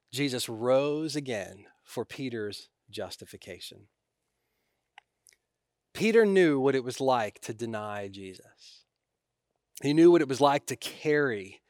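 A man preaching a sermon, earnest, rising in force on key lines and then dropping to a hush. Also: medium pitch, no echo, studio quality. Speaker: pastor.

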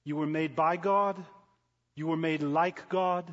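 A man's voice: fairly high pitch, fairly even intonation, a little slow, fairly bright tone. A man preaching a sermon to young people, earnest and building emphasis through repeated phrases. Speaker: guest preacher. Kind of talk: sermon to a youth gathering. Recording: reverberant hall, dull lo-fi sound.

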